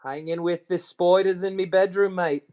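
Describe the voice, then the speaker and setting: A cheery, chatty Australian bloke in a put-on accent, as a man hams it up, pitched up and loud. He talks in short, chummy bursts, tossing in mate again and again. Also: fairly even intonation, moderate pace, close to an everyday voice. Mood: jokey. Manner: raised, loud, says mate constantly.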